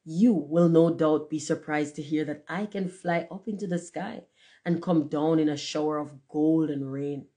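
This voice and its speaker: A reader putting on a conceited firework rocket who talks down to everyone in slow, grand pronouncements. Each line comes out haughty and self-important, as if the speaker were the most remarkable thing alive. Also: mid-range voice, fairly even intonation, warm tone, close to an everyday voice. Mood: pompous.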